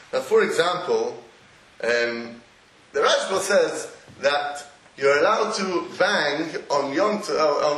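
A high-voiced man teaches a Talmudic class in a roomy space a faint hiss behind him. He stumbles and restarts often, and laughs between points. His delivery is lively and informal. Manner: animated, halting with repeated restarts, laughs often. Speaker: Torah teacher. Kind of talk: Talmudic lecture. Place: echoey room with a live audience. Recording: roomy echo, faint noise.

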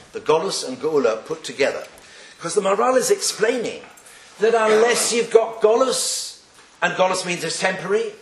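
A man teaching a class on Jewish texts, joking and putting rhetorical questions to his students. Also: a little high. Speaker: Torah teacher. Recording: echoey room.

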